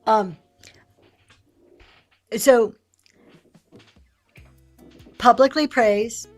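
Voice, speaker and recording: A middle-aged woman hosting a casual livestream, chatty and quick to laugh as she reads viewer comments. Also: medium pitch. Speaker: live-sale seller and host. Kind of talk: casual livestream business talk.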